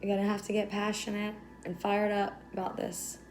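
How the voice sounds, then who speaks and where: A woman's voice: mid-range voice, little pitch movement, fairly quick, a little mellow, rough recording. A woman giving a casual tarot reading to her viewers, loose, profane and affirming. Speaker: tarot reader. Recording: music playing under the voice.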